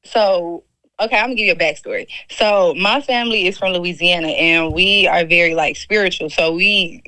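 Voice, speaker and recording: A young woman calling in to a podcast, telling a story in an animated, gossipy way. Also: lowish voice, moderate pace, rough recording. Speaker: caller. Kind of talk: casual storytelling.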